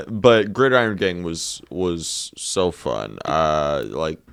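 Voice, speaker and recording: A man in his forties joins a laid-back movie chat as a guest, his voice very low and smooth. He speaks in easygoing, agreeable replies. The sound is dry and close. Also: expressive, extremely slow, no echo. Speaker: podcast guest. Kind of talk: casual chat about movies.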